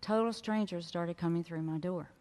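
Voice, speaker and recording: A woman spiritual speaker giving a frank, animated storytelling talk to a live audience, speaking directly to the crowd. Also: lowish voice, normal speed. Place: lecture hall at a fellowship event. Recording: long reverb of a hall.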